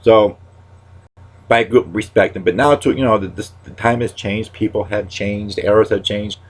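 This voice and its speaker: A man's voice: fairly low pitch, fairly even intonation, normal speed, slightly rough. A man in his thirties, a stand-up comic, talking to camera in a loose, rambling monologue full of restarts and pet catchphrases. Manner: goes quiet and subdued when talking about loss.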